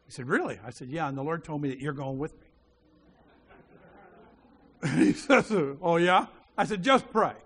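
A man preaching a sermon, telling a story and acting out the voices in it, dropping to a hushed voice when he quotes a prayer. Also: fairly high pitch, moderate pace, long pauses, husky. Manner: animated storyteller who acts out the dialogue.

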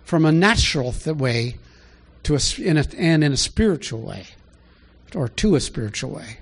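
A man preaching a conversational Bible teaching, asking rhetorical questions and rising in pitch to stress his points. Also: very animated, moderate pace, breathy edge. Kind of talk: sermon teaching.

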